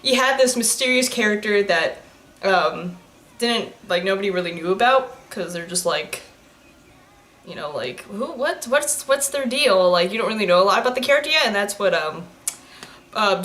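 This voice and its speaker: A woman's voice: mid-range voice, animated, moderate pace, fairly bright tone. A young adult woman giving casual, rambling reaction commentary, laughing often and joking at what she watches. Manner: giggly, rambling, laughs often and jokes at the screen. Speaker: anime reaction YouTuber.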